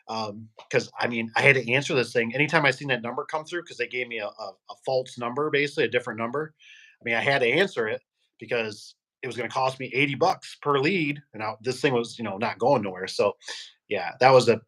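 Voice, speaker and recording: A man's voice: medium pitch, pushed and bright. A man, a garage door business owner, chatting casually and rambling through stories while acting out the people he quotes. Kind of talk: casual podcast chat.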